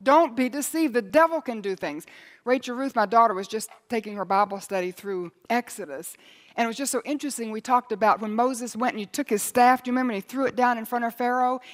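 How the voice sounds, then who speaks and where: A woman's voice: fairly high pitch, quick pace. A woman Bible teacher in a recorded teaching, earnest and urgent, building in intensity as she exhorts her listeners.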